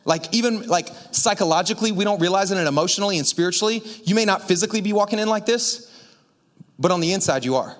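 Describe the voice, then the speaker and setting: A male pastor preaching a casual sermon, energetic and chatty with lots of asides to the congregation. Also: high voice, quick pace.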